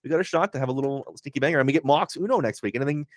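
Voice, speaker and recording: A man's voice: mid-range voice, very fast, no echo. A man co-hosting a casual wrestling recap show, retelling promos and sometimes acting out the wrestlers' lines. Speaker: wrestling podcast co-host.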